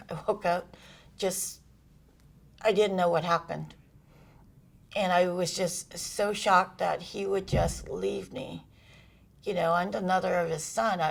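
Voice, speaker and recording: A middle-aged woman as an interview guest, telling a personal story candidly, with pauses, fillers and soft laughs. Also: lowish voice, creaky.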